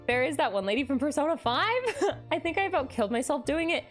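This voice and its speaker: A young woman live-streaming in casual chat, gushing and excitable, laughing often as she reacts to fan art. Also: sits high, quick pace, faint music behind.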